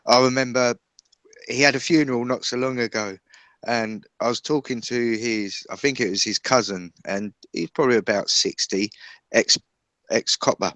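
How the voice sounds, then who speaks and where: A man chatting as a guest, telling relaxed, self-deprecating stories. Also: mid-range voice, normal speed, no echo. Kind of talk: casual online chat.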